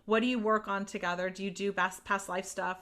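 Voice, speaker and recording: A woman hosting a laid-back podcast interview, with a bright, sharp voice at a medium pitch. She is eager and expressive, mixing casual swearing and easy laughter into her questions. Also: fairly quick. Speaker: podcast host.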